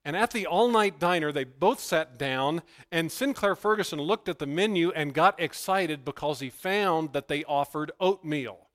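A man preaching as pastor, who prays softly and then tells stories with animated, emphatic bursts. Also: moderate pace, hardly any pauses. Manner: animated storytelling, rising to loud emphatic bursts; hushed, low prayerful delivery. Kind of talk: sermon with opening prayer.

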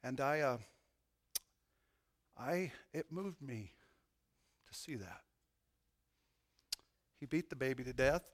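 A middle-aged man, a police chaplain, preaching an emotional testimony that swells to loud, fervent peaks. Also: mid-range voice, animated, slow, pauses often. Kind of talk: sermon testimony.

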